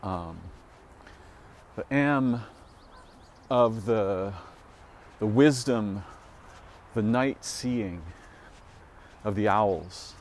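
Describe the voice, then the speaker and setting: A man musing aloud in a solo recording, rambling and speculative, often trailing off into fillers and restarts, with his pitch leaping up on points he stresses. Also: drawn-out words, pauses often, a little mellow, slight background noise.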